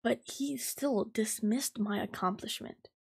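A woman in her twenties hosting a podcast, venting heatedly and profanely about a coworker, talking fast with lots of fillers. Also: on the high side, gravelly, husky. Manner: fast and emphatic. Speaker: podcast host. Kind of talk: ranting storytime podcast.

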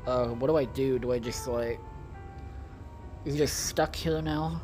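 A man's voice: medium pitch, a little slow, a little mellow, soft background music. A man doing casual let's-play commentary, profane, exasperated and rambling as he talks to his viewers. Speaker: gaming video creator.

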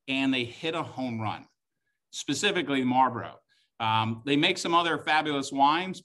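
A middle-aged man with a medium-pitched, fairly bright voice hosts and teaches a live-streamed wine tasting. He's talkative and jokey, walking viewers through each wine in turn.

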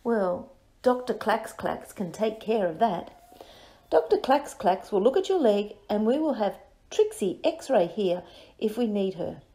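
A woman voicing a kind, cheerful female nurse at a vet's office, speaking in a bright, sing-song, reassuring way. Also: medium pitch, lively intonation, unhurried, lightly acted.

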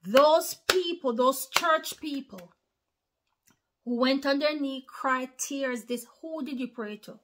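A woman's voice: sits high, takes it slowly. Earnest woman preaching to online followers. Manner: earnest, repetitive, addresses listeners as brothers and sisters. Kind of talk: informal spoken sermon to online followers.

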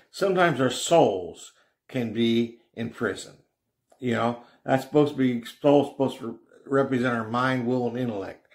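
A middle-aged man gives a sermon in a relaxed, conversational way. He talks plainly, with the ease of everyday speech. His voice sits at an ordinary pitch for a man. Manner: plain-spoken, conversational, with frequent "you know" and small laughs. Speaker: radio preacher.

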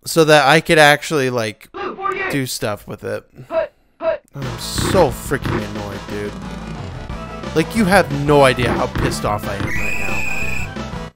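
A young man giving casual, excitable commentary while playing a video game, often exasperated and shouting at the players. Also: medium pitch, slow, pauses often. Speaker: let's play gamer. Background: video game music.

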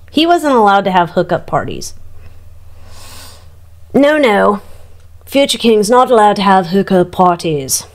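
A woman giving a casual, gossipy and irreverent tarot reading to her viewers, full of asides. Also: fairly low pitch. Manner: gossipy, irreverent, frequent ums and laughs. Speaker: tarot reader.

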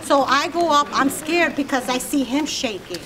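A woman, an aunt, telling a funny family story in a casual, animated way with laughter and quick asides. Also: high voice, a crowd in the background, low-quality recording. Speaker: aunt of the deceased.

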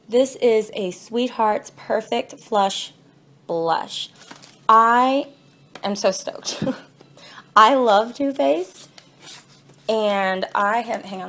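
A woman's voice: mid-range voice, gravelly. Gushing woman vlogging on her phone. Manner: gushing, excited, apologetic asides. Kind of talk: casual unboxing vlog. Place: home kitchen. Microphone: phone held in one hand.

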